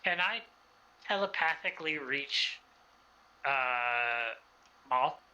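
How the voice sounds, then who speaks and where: A man's voice: medium pitch, lively intonation, slow, bright, forceful tone, poor audio. A man playing a tabletop game, speaking hesitantly and often breaking off. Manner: hesitant, stops and restarts. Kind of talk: casual play at a tabletop game.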